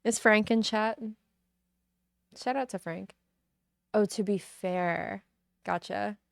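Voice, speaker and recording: A woman's voice: medium pitch, fairly even intonation, takes it slowly, vocal fry, dry recording, clean studio sound. A young woman streaming live, chatting with her viewers between giggles and reading a novel aloud. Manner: giggly, chatty, reacting to chat messages. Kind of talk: casual live-stream chat with book reading.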